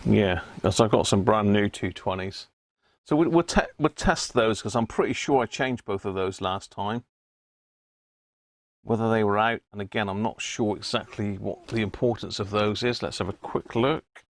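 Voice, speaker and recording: Working at his bench, a man hosts a casual live repair stream, talking to viewers and mumbling to himself. His fairly low voice moves at a moderate pace, recorded dry with a clean studio sound.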